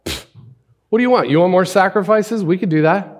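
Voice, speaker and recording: A man voicing a sarcastic, exasperated speaker who asks mockingly what more is wanted of him, raised well above his own pitch. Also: fairly quick, close to an everyday voice.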